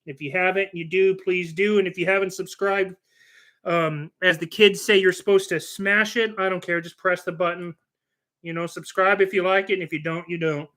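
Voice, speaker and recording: A man's voice: high voice, fairly even intonation, normal speed, pushed and bright. A middle-aged man chatting casually on a live stream, rambling and joking with frequent restarts.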